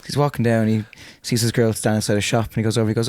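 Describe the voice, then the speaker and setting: A man's voice: fairly low pitch, fairly even intonation, racing, hardly any pauses, a little mellow, dry recording. A young man co-hosting a podcast, telling rude jokes in casual chat with laughing asides. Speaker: podcast co-host. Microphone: close podcast mic.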